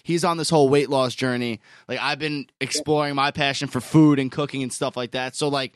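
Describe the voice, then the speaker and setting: A man's voice: mid-range voice, fairly even intonation, fairly quick, smooth, no room sound, studio quality. A man co-hosting a casual interview, joking and laughing easily. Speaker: co-host.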